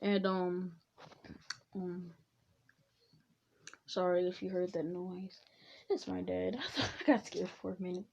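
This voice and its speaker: A woman's voice: fairly low pitch, little pitch movement, slow, creaky, pauses often, a little mellow, muffled recording. A woman telling an improvised fan story, rambling and often restarting to revise the plot.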